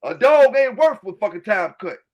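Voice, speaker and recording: A man with a Southern US accent who hosts his own channel about his dog kennel, ranting loudly and with plenty of swearing to his livestream chat. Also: high-pitched, big pitch swings, normal speed, lo-fi sound. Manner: loud, fired-up, profane, keeps repeating filler tags. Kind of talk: livestream rant answering chat.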